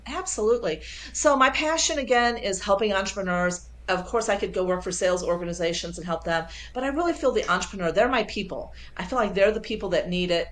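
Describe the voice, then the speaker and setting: A woman sales coach being interviewed over a video call, talking with lively enthusiasm and acting out quoted dialogue. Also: medium pitch, fast talker, hardly any pauses. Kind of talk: casual interview.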